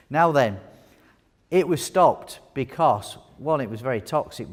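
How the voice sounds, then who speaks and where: A man teaching wound care to a live audience, chatty and full of jokes as he fires questions at the room. His voice sits at a middling pitch. It rings with the long reverb of a large hall. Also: expressive, normal speed. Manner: chatty, jokey, quizzes the audience. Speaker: wound care nurse presenter. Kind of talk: live conference teaching talk.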